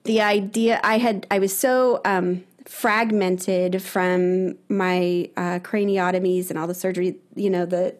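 Young woman guest, somewhat low-voiced, earnest, halting and searching. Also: level tone. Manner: earnest, hesitant, many ums and restarts. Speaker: guest, runner. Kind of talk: casual conversation.

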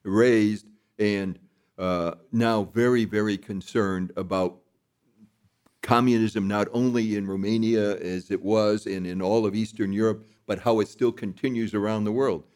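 A man's voice: on the low side, steady tone, a little slow, darkish tone. A man speaking as a guest in an interview, telling stories in a grave, emphatic way. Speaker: foundation leader, guest. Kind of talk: interview discussion.

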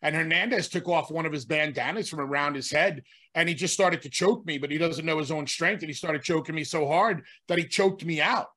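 A middle-aged man with a bright, forceful voice sits on a podcast telling long stories. He pitches a little high for a man and circles back on his words, restarting sentences as he goes. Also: brisk, hardly any pauses. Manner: rambling, restarts, self-interrupting. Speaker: podcast co-host, former wrestler. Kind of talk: casual storytelling.

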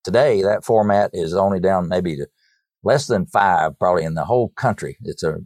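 An older man from North Carolina tells stories as a guest songwriter, with a deep, low voice. His delivery is lively, and he often repeats words as he goes. The sound is dry and close. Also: moderate pace, no echo. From North Carolina, USA. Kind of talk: storytelling in a podcast interview.

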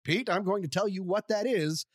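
A man's voice: high voice, normal speed, no echo, studio quality. A man co-hosting a podcast in casual chat, playful and laughing often, sometimes in a mock game-show announcer voice. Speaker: podcast co-host.

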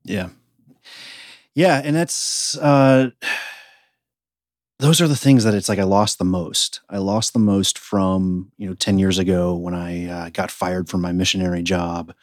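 A man's voice: low voice, fairly even intonation, slow, no echo, studio quality. A man in his thirties from the United States, a podcast guest telling his story in an earnest, reflective way. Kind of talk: casual interview conversation.

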